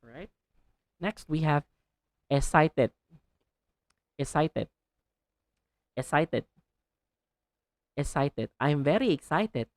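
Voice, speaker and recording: Woman teaching english pronunciation, super low voice, slow, spells out every sound over and over. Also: expressive, a little mellow, dry recording. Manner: slow, deliberate, repeats words with exaggerated enunciation. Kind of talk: pronunciation tutorial.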